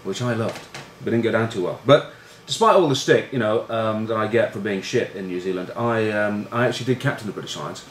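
A middle-aged former rugby player rambles through stories with plenty of swearing, fillers and self-mockery. His voice sits a bit low. The room is echoey, with a faint background hiss. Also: a little fast, hardly any pauses. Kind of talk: casual storytelling. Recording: roomy room echo with faint noise.

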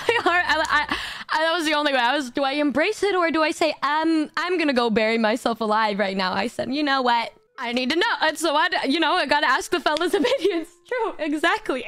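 A woman's voice: sits high, animated, a little fast, a bit bright, soft background music. A woman in her twenties streaming, telling a story in casual chat, giggly and swearing freely, often stammering and repeating words. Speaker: vtuber streamer.

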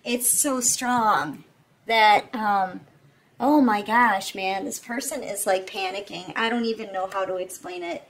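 A woman's voice: medium pitch, a little slow, fairly bright tone, slight background noise, rough recording. A woman giving a tarot reading in an intense, emphatic way, repeating herself and checking in with her listeners. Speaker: tarot reader. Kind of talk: casual tarot reading monologue.

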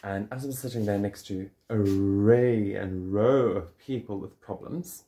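A man's voice: lowish voice, measured pace. A man with a South African English accent tells a personal story to the camera in a casual vlog, joking and swearing as he goes. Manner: swearing, joking, animated retelling. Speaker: vlogger.

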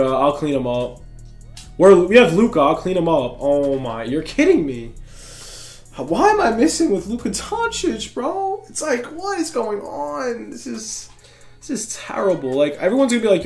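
A young man talks over his video game as he plays, excitable and often frustrated, tossing out slang. His voice sits a bit high for a man, and faint music plays behind him. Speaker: gaming YouTuber. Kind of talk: live gameplay commentary.

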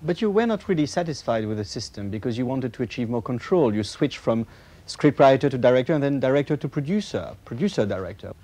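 Quick, mellow-voiced male interviewer. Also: medium pitch, lively intonation. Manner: stumbling, rephrasing his questions. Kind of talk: interview questions.

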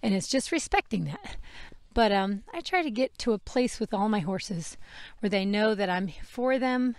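Wearing a clip-on mic outdoors, a woman grooms her horse while hosting a casual, rambling talk, correcting herself and laughing at her slips. She's a podcast host and horse trainer with an animated, medium-pitched voice at a moderate pace, on a dry recording.

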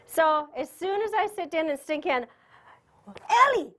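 A woman giving a spiritual lecture at a conference, telling a personal story in a chatty, animated way and laughing often. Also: very high voice, measured pace. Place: conference room.

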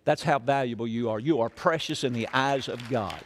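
A man's voice: mid-range voice, a little fast, noisy background. An older man, preaching a sermon in a church in a folksy storytelling way full of questions to the crowd. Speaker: pastor.

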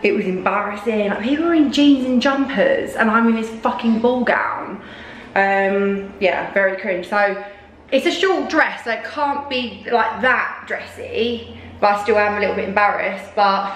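A woman's voice: medium pitch, normal speed, pauses often. Young woman, vlogger, loose chatty delivery, handheld camera with light ambient noise. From England. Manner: chatty, swears casually, lots of fillers. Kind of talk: casual vlog chat.

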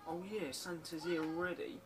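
A young man, chatting and swearing excitably while playing a zombie game with a friend. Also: fairly high pitch, moderate pace, noisy background. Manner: excitable, swearing, jokey banter. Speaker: gaming commentator. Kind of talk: casual let's-play chat. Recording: game audio and gunfire behind.

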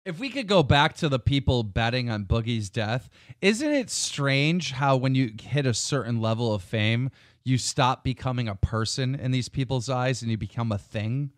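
A man hosting a podcast over a group call, brash and teasing, with excitable questions. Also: medium pitch, moderate pace, dry recording, clean studio sound. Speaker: podcast host. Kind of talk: casual podcast chat. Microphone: call-in mic on a group voice call.

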